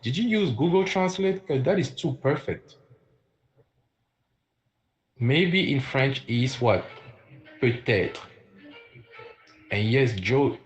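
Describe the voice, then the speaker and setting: A man teaching a live-streamed beginner French lesson, repeating words slowly and chatting with viewers in the comments. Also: a little high, rough recording.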